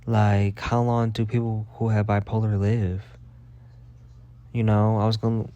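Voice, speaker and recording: A man's voice: fairly low pitch, little pitch movement, a little slow, pauses often, dark tone, dull audio. A young man hosting a casual solo gossip podcast, rambling, sassy and full of swearing. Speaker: podcast host.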